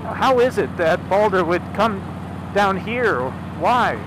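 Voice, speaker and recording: A blunt old chief god barks his questions and retorts in offhand modern talk, played by a man. The voice sits a touch high and unhurried. Engine hum rolls along beneath it. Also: expressive. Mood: demanding. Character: old male chief god, brusque and irreverent. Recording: car engine noise behind.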